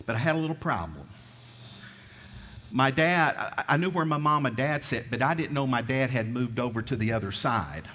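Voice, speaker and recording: A middle-aged preacher with a Southern twang tells homespun stories from the pulpit and keeps putting questions to his congregation. His voice sits at an ordinary pitch for a man. The sound carries a long reverb from the church hall around him. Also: expressive, moderate pace, bright, forceful tone, a little hiss or hum. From American South. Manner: folksy, conversational, asks the congregation questions. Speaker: pastor. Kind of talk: storytelling sermon. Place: church sanctuary.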